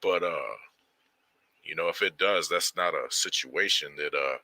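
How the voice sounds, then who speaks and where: A low-pitched man with a sharp, bright edge to his voice chats loosely with his viewers and greets them by name in street slang. The sound is dry and close, with no room around it. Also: unhurried, dry recording. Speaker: livestream host. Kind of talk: casual livestream chat reading viewer comments.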